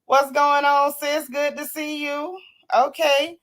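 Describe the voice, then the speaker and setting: A woman with a fairly high voice hosts a casual livestream while feeling sick and run down. She greets her viewers one by one in a folksy, teasing way, calling them sis and child. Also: level tone, slow, a bit bright. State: sick, worn out. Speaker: livestream host.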